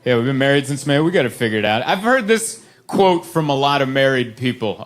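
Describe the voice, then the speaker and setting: A man performing a stand-up comedy set on a club stage, telling stories animatedly and putting on high voices for his wife. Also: sing-song, fairly quick, hardly any pauses. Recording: live club recording with crowd noise.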